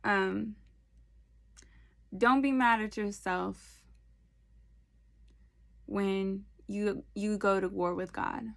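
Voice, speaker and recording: A woman giving a casual, animated faith talk into her phone, preachy and slangy with playful asides. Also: medium pitch, very slow, creaky, pauses often. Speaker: faith video host.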